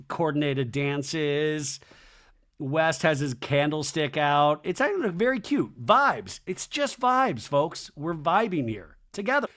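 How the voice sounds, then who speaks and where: Animated man doing a comic show recap. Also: on the high side. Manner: animated, acts out quotes with exaggerated voices; profane and sarcastic. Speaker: podcast host recapping a reality show. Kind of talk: casual comedic recap.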